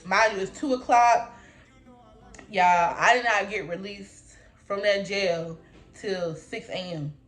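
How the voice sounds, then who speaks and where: A young woman telling a storytime vlog in casual slang, acting out voices with big jumps in pitch. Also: slow. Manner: animated storytelling, acting out her own and others' lines with big pitch jumps. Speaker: vlogger.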